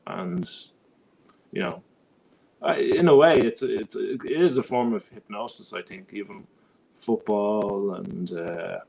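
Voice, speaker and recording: Casual male guest, thinks aloud with restarts; faint noisy rumble under the voice. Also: takes it slowly, gravelly, mellow. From Ireland. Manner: rambling, reflective, many restarts. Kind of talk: casual podcast conversation.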